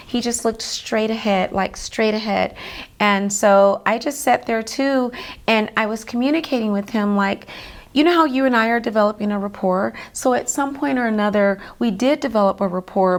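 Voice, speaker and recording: Woman guest in an interview, earnest storytelling, vivid detail, lots of fillers, mid-pitched voice. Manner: earnest, vivid retelling with many fillers like "like" and "you know".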